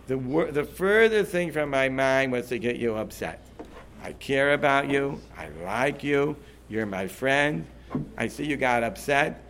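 Gravelly, insistent man explaining. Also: mid-range voice, fairly bright tone, slight background noise. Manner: emphatic, repeats himself, insistent. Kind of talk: animated discussion.

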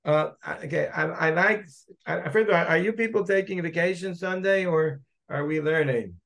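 A man's voice: on the high side, moderate pace, gravelly, fairly bright tone. A man, a rabbi, teaching a Talmud class, thinking aloud as he searches through the text and digresses.

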